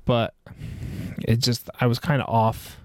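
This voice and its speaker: A man's voice: mid-range voice, little pitch movement, measured pace, a little mellow, no room sound, clean studio sound. A man in his forties hosting a podcast, reflecting on his life in a rambling way with many fillers and restarts. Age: 40s. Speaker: podcast host. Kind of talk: personal reflective monologue.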